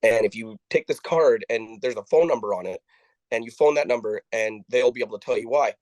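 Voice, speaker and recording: Halting man telling a story. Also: mid-range voice, darkish tone, no room sound, low-quality recording. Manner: halting, with frequent restarts and repeated words; acts out the dialogue of people he quotes. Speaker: interview guest. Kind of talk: conversational storytelling.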